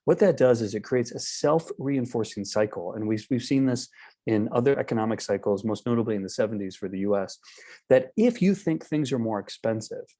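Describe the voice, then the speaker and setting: Guy doing a finance webinar, warm mellow voice, lots of you know and restarts. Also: medium pitch, expressive, a little fast. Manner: casual, filler-heavy explaining with frequent restarts. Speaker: wealth management presenter. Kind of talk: webinar presentation.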